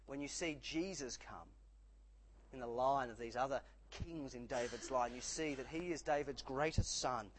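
A man preaching a sermon, emphatic, dropping low and rising again for effect. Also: normal speed, a little hiss or hum, rough recording.

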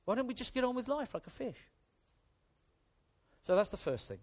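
Lively high-voiced male preacher. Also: normal speed. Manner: emphatic, repeats key phrases, asks the listeners questions. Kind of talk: sermon.

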